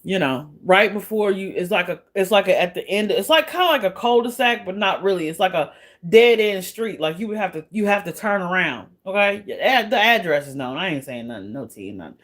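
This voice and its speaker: A woman's voice: mid-range voice, expressive, brisk. A woman hosting a livestream, giving casual gossip commentary in a blunt, profane, chatty way and laughing often. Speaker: livestream host.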